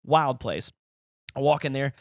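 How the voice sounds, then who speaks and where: A man's voice: mid-range voice, a little slow, no echo, clean studio sound. A man from Appalachia, a stand-up comedian hosting a podcast, telling loose, profane stories and acting out the voices of people he met. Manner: animated, swearing, laughing, acts out quoted voices. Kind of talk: casual comedic storytelling.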